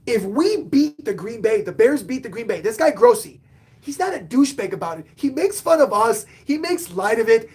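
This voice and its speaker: A man hosting a casual live-stream sports talk show, excitable, swinging between loud outbursts and muttered asides. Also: very high voice, normal speed. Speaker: podcast host and sports fan; bartender.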